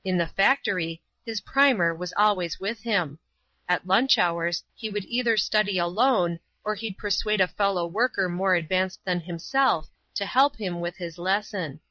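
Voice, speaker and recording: A woman narrating a story in a measured, even storytelling voice. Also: medium pitch, no echo. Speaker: audiobook narrator. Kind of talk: scripted narration. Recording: dull lo-fi recording.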